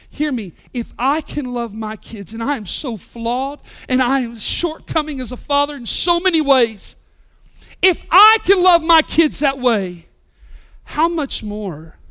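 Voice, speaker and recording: A pastor in his thirties delivers an impassioned sermon. His voice sits very high and sounds bright and smooth, and he swings from loud calls to soft, close moments. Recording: live church sermon podcast.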